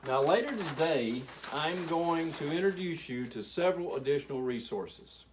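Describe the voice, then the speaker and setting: Man leading a lively speaking workshop. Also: fairly high pitch, background noise. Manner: animated, addressing a group, with pauses. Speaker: training facilitator. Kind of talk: public speaking workshop presentation.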